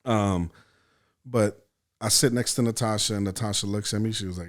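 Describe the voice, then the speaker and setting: Profane, animated storyteller with a low voice. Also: male voice, fairly quick. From El Salvador. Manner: profane, animated storyteller acting out his own thoughts. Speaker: podcast guest, actor and writer. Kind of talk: casual storytelling chat.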